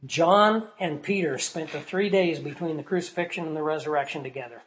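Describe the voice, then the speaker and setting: A man teaching scripture in sermon style, asking the listeners questions and swinging from soft to loud for emphasis. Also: a little high, brisk, slight background noise, low-quality recording. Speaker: Bible teacher.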